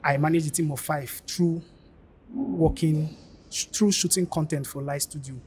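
A man's voice: a little high, moderate pace, darkish tone, a little hiss or hum. A man giving informal career advice, emphatic and pleading, repeating his key points. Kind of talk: informal teaching monologue.

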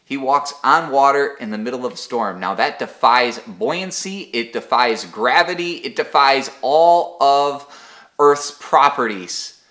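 A man teaching a Bible devotion in an easy, talky way, with a voice of ordinary middle pitch. He often doubles a word as he restarts and leans on homely stories to make his point. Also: lively intonation, unhurried, bright, forceful tone. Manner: conversational, repeats words as he restarts, tells homely examples.

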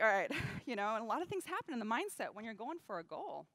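A woman giving a keynote talk on stage, telling a story in an animated way, acting out quotes and laughing often. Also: on the high side, fast, no room sound. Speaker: keynote speaker. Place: event stage.

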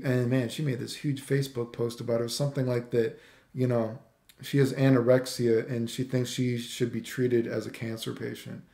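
A man's voice: medium pitch, warm tone. Profane, ranting man in an echoey room. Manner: profane, repetitive, says "dude" constantly. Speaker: vlogger. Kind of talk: casual rant. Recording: roomy echo.

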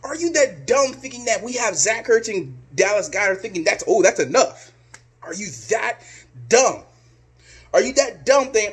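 A man's voice: sits high, lively intonation, normal speed. A man ranting angrily as a sports fan vlogger, exasperated and repeating his insults. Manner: angry, exasperated, repetitive insults. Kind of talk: ranting vlog.

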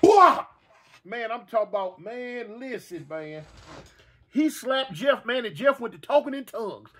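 Brief: middle-aged male storyteller, high voice, animated, hiccups. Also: moderate pace. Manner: animated, repetitive, with sound effects. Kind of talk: casual storytelling.

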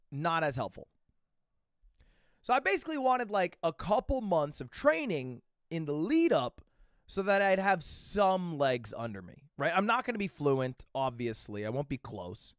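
A livestreamer with a slightly high, widely swinging voice spins a loose, profane story for his live chat, animated and rambling. He keeps pausing for quick "okay?" and "right?" check-ins before charging ahead. The recording is close and dry, with no room sound at all.

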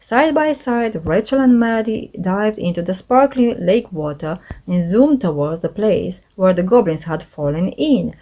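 A woman reading a children's storybook aloud, expressive and animated. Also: mid-range voice, a little slow, hardly any pauses.

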